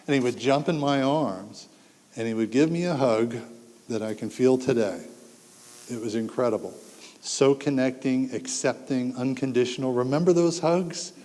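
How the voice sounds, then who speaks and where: In a hall with long reverb, a sixty-something man addresses parents in a mid-range voice at normal speed. He tells stories with energy, performs the quotes, and jokes with his listeners.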